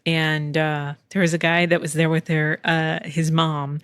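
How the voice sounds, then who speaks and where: A woman's voice: deep voice, level tone, measured pace, a bit bright, clear, resonant tone, no room sound. A woman hosting a podcast, telling a personal story in a candid, chatty way, laughing often and swearing casually. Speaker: podcast host. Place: home in Texas.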